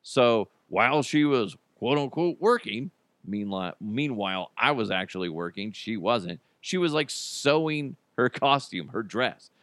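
Brief: man, mid pitch, dry close mic, loose and jokey solo podcast host. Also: expressive, measured pace, a bit bright, dry recording. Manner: rambling and joking, lots of fillers. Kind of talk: casual solo chat.

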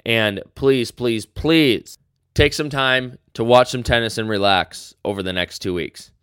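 A man's voice: medium pitch, a little slow, fairly bright tone, clear, resonant tone, no echo. A man hosting a solo sports podcast, ranting passionately. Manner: passionate, fired-up rant. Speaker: podcast host.

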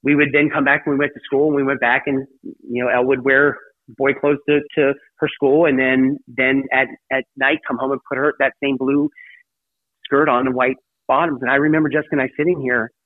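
A man's voice: mid-range voice, level tone, brisk, no room sound. A middle-aged man, an interview guest, telling a personal story in a rambling way full of "you know" fillers. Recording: tinny phone-line sound, dry.

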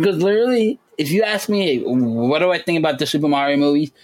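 Male co-host, fairly high voice, animated casual talk, quotes people in high squeaky voices. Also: a little fast, poor audio. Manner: animated, jumps into high voices when quoting. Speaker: podcast co-host. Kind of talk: casual chat.

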